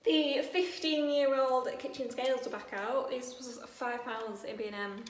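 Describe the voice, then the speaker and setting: Young woman, higher voice, chatty self-mocking baking vlog, echoey kitchen, faint noise. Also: fairly even intonation, moderate pace, hardly any pauses. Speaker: vlogger. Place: home kitchen.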